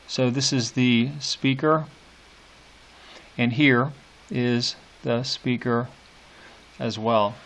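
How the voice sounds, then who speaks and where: A middle-aged man teaching literature, reading poetry aloud slowly and annotating it, with hesitant fillers. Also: medium pitch, steady tone, fairly bright tone. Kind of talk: lecture with poem reading.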